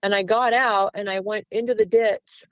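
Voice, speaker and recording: A woman's voice: medium pitch, fairly even intonation, normal speed, no room sound, rough recording. Woman guest, casual storyteller, mid voice, dry close recording, lots of "um" and "like". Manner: retells events by acting out back-and-forth dialogue; chatty, with frequent "um" and "like". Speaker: guest Bigfoot researcher.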